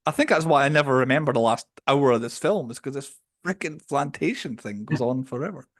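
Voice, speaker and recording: A man co-hosting a podcast, casually reviewing a film in an opinionated, animated way. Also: medium pitch, fairly quick. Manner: opinionated, animated storytelling with quoted voices. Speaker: podcast co-host.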